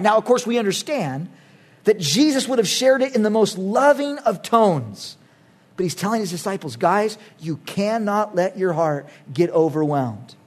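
A middle-aged man preaching a sermon as pastor, emphatic, moving between loud urging and quiet, earnest asides. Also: very high-pitched.

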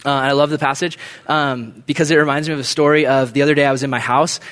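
A young man with a medium-pitched voice gives a casual sermon at a quick pace, telling stories in an animated, conversational way and tossing in slangy asides.

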